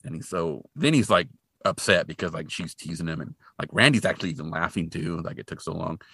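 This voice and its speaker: Animado narrador masculino de voz grave. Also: male voice, sits low, a little fast, creaky, husky, dry recording, studio quality. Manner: animated storyteller, acts out characters, many fillers. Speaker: podcast host. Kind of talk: casual movie recap.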